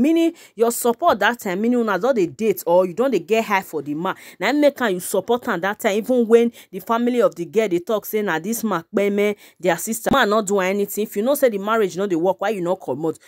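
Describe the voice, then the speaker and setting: A woman's voice: medium pitch, no room sound, clean studio sound. A woman with a Nigerian Pidgin English accent hosting a celebrity gossip channel, chatting casually and calling out to her viewers again and again. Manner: chatty, repeatedly addressing her audience.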